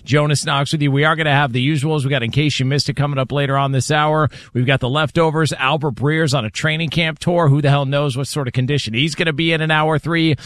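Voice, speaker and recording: A man's voice: on the high side, fairly even intonation, a bit bright, no echo, studio quality. A man co-hosting a sports radio show, making wry jokes and laughing easily in casual banter. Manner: wry, jokey, quick to laugh. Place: radio studio.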